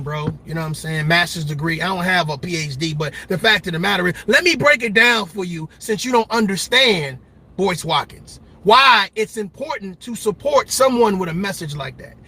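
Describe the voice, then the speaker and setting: A man's voice: high voice, sharp tone, slightly rough. A middle-aged man giving a passionate, preacher-like commentary monologue, emphatic and repetitive. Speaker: commentary vlogger.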